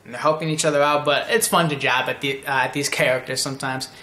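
A man's voice: mid-range voice, fairly even intonation, quick pace, sharp tone, reverberant. A man giving a casual, rambling anime episode review, often acting out characters' lines.

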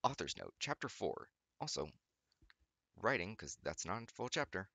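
Man, low-ish voice with a bright, forceful edge, reading aloud in a dry home studio and mocking the text as he goes. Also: big pitch swings, moderate pace, no echo. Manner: stumbling over words, frequently laughing and groaning. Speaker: YouTuber reading fanfiction aloud. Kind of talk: comedic reading with sarcastic commentary.

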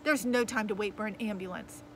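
Woman reading a stubborn kid barking orders, bright voice. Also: high-pitched, brisk, a little hiss or hum. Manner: curt, insistent commands. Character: stubborn, calm boy driving a school bus.

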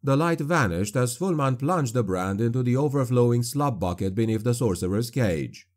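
A man reading a dark fantasy audiobook in a grave, measured narration. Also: medium pitch, animated.

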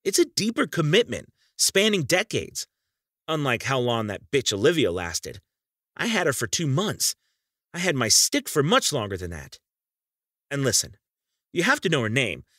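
A man's voice: medium pitch, huge pitch swings, normal speed, fairly bright tone, no room sound, clean studio sound. A man reading a first-person audiobook, bitter and menacing, talking straight to the listener. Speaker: audiobook narrator.

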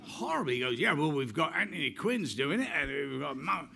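Older man, gravelly bright storyteller. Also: a little high, normal speed. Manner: lively, irreverent storyteller, acts out quotes. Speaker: actor telling stories. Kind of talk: on-stage interview anecdote.

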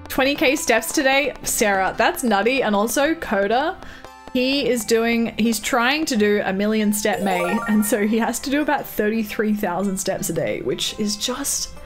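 Chatty woman streamer over game music. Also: fairly high pitch. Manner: chatty, reads and answers chat, frequent giggles. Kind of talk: casual live-stream chat while gaming.

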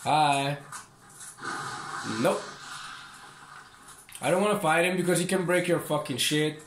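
A man's voice: fairly high pitch, steady tone, a little slow, a bit bright, echoey room, slight background noise. A young man giving casual gameplay commentary, joking, swearing and taunting the enemies on screen. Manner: profane, joking, talks to the game's enemies. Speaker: gaming channel host.

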